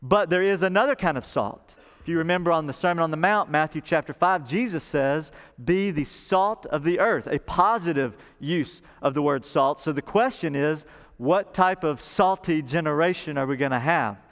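A man preaching a sermon, retelling a story with lively asides and quick quoted voices. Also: on the high side. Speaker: pastor. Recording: long reverb of a large hall.

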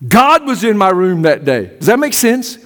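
An older male pastor preaching a sermon, swinging from loud emphatic peaks to hushed low storytelling. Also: very animated, moderate pace. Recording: long hall reverb.

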